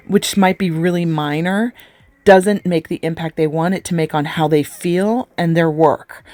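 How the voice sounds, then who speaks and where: A woman's voice: fairly low pitch, a little mellow, no room sound. A woman life coach giving an earnest live coaching talk, asking many rhetorical questions and getting emotional.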